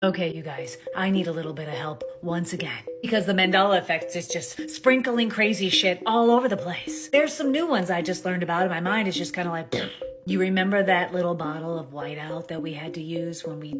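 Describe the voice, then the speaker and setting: A woman's voice: fairly low pitch, a little fast, few pauses. A woman ranting casually to the camera, exasperated and profane, sounding incredulous. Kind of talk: casual vlog rant. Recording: music playing behind the voice.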